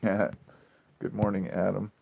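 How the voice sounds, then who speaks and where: This livestream host speaks slowly in a low, flat voice with vocal fry, his US Pacific Northwest accent running through long, swear-filled, rambling stories. He's on his phone, so the audio is dull lo-fi with a slight hiss or hum.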